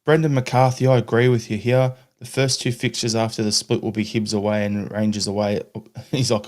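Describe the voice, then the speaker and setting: A man's voice: lowish voice, flat delivery, normal speed, darkish tone. Blunt, sweary Scottish man. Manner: blunt, ranting, swears freely. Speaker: podcast co-host. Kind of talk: casual football podcast chat.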